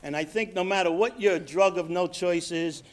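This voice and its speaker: New york guy telling his recovery story, voice sits high, goes quiet then laughs at himself. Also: normal speed. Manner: storytelling with acted quotes, drops to quiet emphasis, laughs at himself. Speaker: recovery speaker. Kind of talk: personal story at a recovery convention. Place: convention hall stage.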